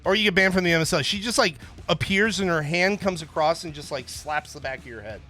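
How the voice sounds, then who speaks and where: A male stream host rambles and jokes with his viewers in a loose, casual way. His voice sits high and sounds bright and forward. Faint music plays underneath. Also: brisk. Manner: rambling, jokey, chatting with viewers. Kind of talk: casual livestream chat.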